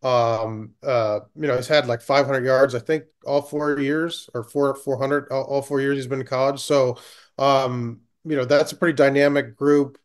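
A man reporting on college football in a casual chat, his voice at a middle pitch. He hedges and fills his pauses with ums and you-knows as he talks players and coaches. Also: steady tone.

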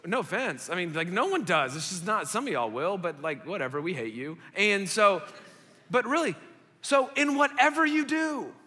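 Young man, casual animated preacher, bright forceful voice, reverberant hall. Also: high voice, moderate pace. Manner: animated storytelling with asides to the crowd. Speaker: pastor. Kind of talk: casual sermon to young adults. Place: church hall.

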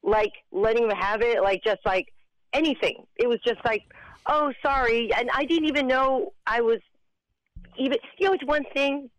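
A woman calling in to a radio show, talking in halting, tearful bursts with nervous laughs as she fights back tears. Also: a little high, dry recording. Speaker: caller. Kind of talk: emotional call-in confession. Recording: phone line.

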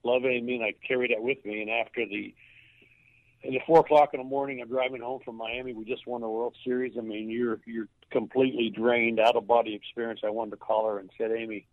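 An older man, a former baseball coach, tells a moving personal story in a halting way, repeating words as he is moved to tears. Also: medium pitch, fairly even intonation, dry recording. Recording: tinny phone line.

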